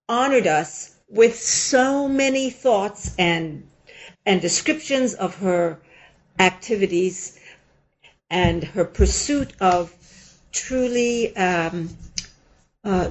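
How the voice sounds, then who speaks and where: A woman hosts an interview in a measured, formal way, pausing now and then as she picks her words. The recording sounds dull and lo-fi. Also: mid-range voice. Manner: measured, formal, slightly halting. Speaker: podcast host. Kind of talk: interview hosting.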